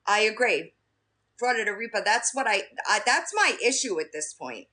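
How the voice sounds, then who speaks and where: A woman's voice: medium pitch, moderate pace. A woman from Staten Island with a New York accent, chatting casually with viewers on a live stream and laughing often. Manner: talks straight to chat, lively, laughs often.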